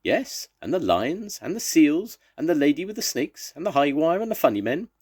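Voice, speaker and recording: A man's voice: fairly high pitch, sing-song, normal speed, a little mellow, breathy edge, voice pushed up. A grandfather putting on an effusive elephant keeper. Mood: excited. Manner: quaint formal phrasing, effusive. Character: excitable gentle male circus elephant keeper.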